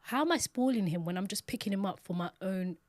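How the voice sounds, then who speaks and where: A woman, a podcast co-host and mother, chatting casually in an animated, slangy way. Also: mid-range voice, quick pace, no echo, clean studio sound. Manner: animated, slangy storytelling with mimicked shouts. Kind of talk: casual chat.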